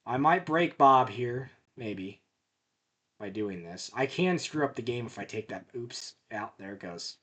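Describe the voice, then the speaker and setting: A man talks through a game he is playing in a loose, rambling way. He drifts into muttered asides, and he is making a point of speaking up louder than his normal voice. His pitch sits in an ordinary middle range for a man. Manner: deliberately talking louder than usual. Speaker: gameplay video host. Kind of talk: casual gameplay commentary.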